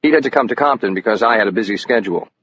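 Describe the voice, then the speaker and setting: A man's voice: fairly low pitch, racing, fairly bright tone. Man narrating a crime audiobook. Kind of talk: scripted first-person audiobook narration. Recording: muffled lo-fi audio with faint hiss.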